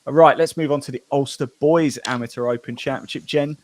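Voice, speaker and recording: A man's voice: mid-range voice, fairly even intonation, brisk, darkish tone, slight background noise. A man hosting a golf podcast, chatting casually and reading out scores with fillers and laughs. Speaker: podcast host. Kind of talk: casual golf news chat.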